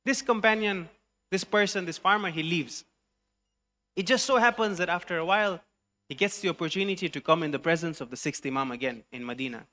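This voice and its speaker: A male preacher with a bright, forceful and fairly high voice carries a story sermon. He narrates in English and drops in recited Arabic phrases as he goes. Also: a little fast. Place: mosque hall.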